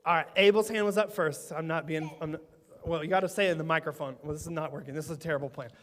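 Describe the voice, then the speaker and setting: A man's voice: on the high side, racing. A man leading a playful children's sermon in church, teasing and quizzing the kids. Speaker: children's pastor. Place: church sanctuary. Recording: echoey church sanctuary.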